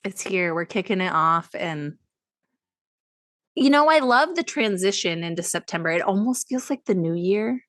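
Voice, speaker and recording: A woman's voice: mid-range voice, expressive, moderate pace, a bit bright, no echo, clean studio sound. A woman in her thirties co-hosting a podcast, chatting casually and laughing often. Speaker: podcast co-host. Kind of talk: casual chat.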